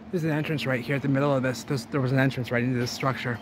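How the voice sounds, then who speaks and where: A man exploring ruins outdoors, rambling and thinking aloud to his camera and getting excited as he finds things. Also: medium pitch, very fast, hardly any pauses. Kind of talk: casual exploring vlog. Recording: noisy outdoor camera audio.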